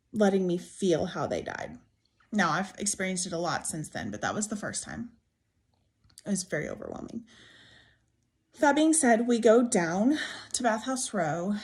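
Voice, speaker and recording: A woman's voice: mid-range voice, a little mellow. A young woman telling a true ghost story to camera in a casual, emotional, rambling way, full of "like" and restarts. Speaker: TikTok storyteller.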